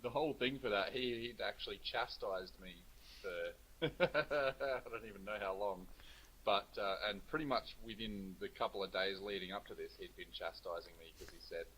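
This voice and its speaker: A man with an Australian accent and a lowish voice talks in a wry, easygoing way. A faint hiss sits under the video-call audio. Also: moderate pace, a bit bright, low-quality recording. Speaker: co-author and guest. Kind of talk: casual chat.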